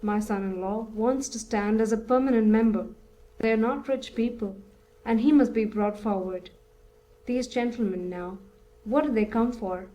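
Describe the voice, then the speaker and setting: A woman voicing an older male country landowner in an audiobook, calm, resigned and sure of his views. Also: on the high side, normal speed, a little hiss or hum, natural voice, low-quality recording.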